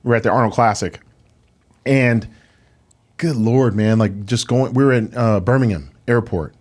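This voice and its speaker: A podcast guest retells a story in the studio at normal speed, his mid-range male voice casual but animated and indignant. He leans heavily on fillers like "like" and "dude."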